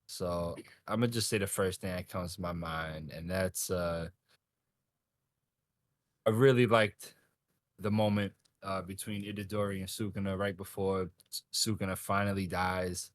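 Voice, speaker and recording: Male podcast co-host, low voice, wry and rambling. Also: steady tone, normal speed, no room sound, clean studio sound. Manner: wry one-liners, then rambling opinions. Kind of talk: casual podcast chat.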